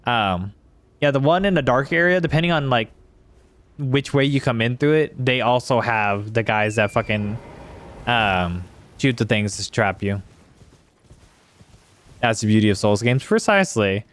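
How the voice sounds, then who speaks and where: A man's voice: medium pitch, animated, unhurried, long pauses. A male streamer chatting casually while playing, rambling and swearing as he talks to his chat.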